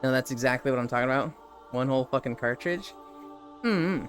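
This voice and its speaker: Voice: medium pitch, brisk, faint music behind. A live streamer chatting casually with viewers, laughing often and reading chat messages aloud.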